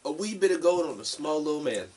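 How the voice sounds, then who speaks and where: A man's voice: a little high, expressive, quick pace, a little mellow, slightly rough. A man co-hosting a podcast, chatting about wrestling with laid-back, agreeable comments. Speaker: podcast co-host. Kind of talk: casual wrestling chat.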